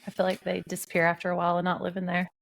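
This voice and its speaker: A woman's voice: fairly low pitch, completely flat delivery, very fast, creaky. A woman from the American South co-hosting a casual movie podcast, joking and laughing with her partner. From Southern United States. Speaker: podcast co-host. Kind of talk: casual movie-review chat.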